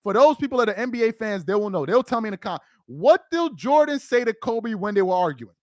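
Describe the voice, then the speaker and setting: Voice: mid-range voice, lively intonation, quick pace, a little mellow, no echo, studio quality. A livestream host giving live reaction commentary, emphatic and repeating phrases for effect.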